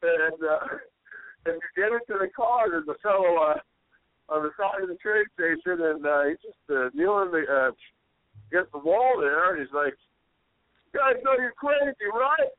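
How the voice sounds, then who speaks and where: A young man co-hosting a podcast, telling rambling stories in an animated way and yelling the quoted lines. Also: fairly high pitch, normal speed, dry recording. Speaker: podcast co-host. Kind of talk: casual storytelling chat. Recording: dry, tinny phone-like audio.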